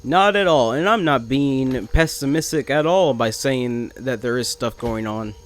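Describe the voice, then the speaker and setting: A young adult man hosts a let's play for his gaming channel, rambling and firing sarcastic jokes at the game characters. His voice is mid-range and a little slow, with faint music behind it.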